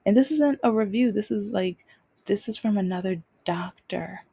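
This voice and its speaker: A woman's voice: medium pitch, normal speed, gravelly, mellow, slightly rough. A young adult woman hosting her own show, telling a personal story off the cuff and repeating phrases for emphasis. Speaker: podcast host.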